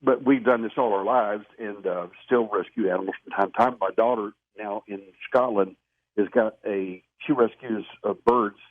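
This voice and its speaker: Low-voiced male interview guest calling in on a dry, phone-like line; earnest, emphatic storyteller. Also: normal speed, no echo. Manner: earnest, emphatic anecdotal telling.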